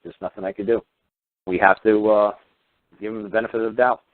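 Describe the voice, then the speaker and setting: A man's voice: fairly low pitch, flat delivery, fairly quick, no echo. A man delivering a heated radio rant, firing off combative rhetorical questions and swearing. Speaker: radio show talker. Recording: tinny phone-line radio audio.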